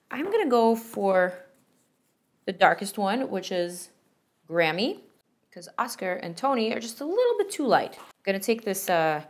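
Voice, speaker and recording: Young woman beauty vlogger, chatty and excited, playful little jokes while doing her makeup. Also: medium pitch. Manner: chatty and enthusiastic, playful asides. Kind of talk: makeup tutorial and product review.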